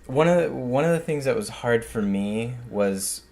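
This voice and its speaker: A man's voice: mid-range voice, expressive, normal speed, vocal fry, darkish tone. An American man who co-directed and acted in the film, chatting in a casual director's commentary with dry, sarcastic asides. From United States. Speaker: co-director and actor.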